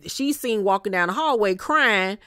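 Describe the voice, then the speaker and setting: A woman casually recapping a reality show in animated, slangy storytelling. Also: medium pitch, moderate pace, smooth, no room sound, studio quality. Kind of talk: casual commentary.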